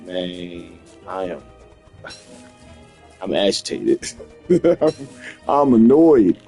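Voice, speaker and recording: Deep-voiced man ranting while gaming. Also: very animated, extremely slow, dark tone, faint music behind. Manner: ranting, repetitive, slangy. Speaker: gaming video host. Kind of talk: casual commentary while playing a video game.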